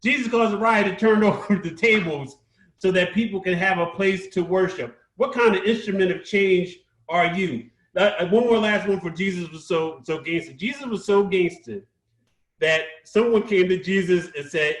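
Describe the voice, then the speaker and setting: A man's voice: sits high, moderate pace, fairly bright tone. A middle-aged man giving an impassioned, sermon-like motivational speech on a community stage, repeating phrases for emphasis. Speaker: storyteller speaking on a community stage. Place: live event stage. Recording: echoey stage sound.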